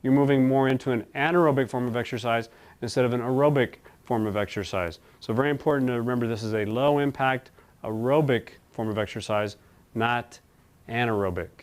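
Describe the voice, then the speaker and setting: A man teaching a qigong exercise set, giving calm, slow cues for breathing and movement. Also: medium pitch. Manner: calm, slow guiding cues with long pauses. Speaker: qigong instructor. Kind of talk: guided exercise instruction.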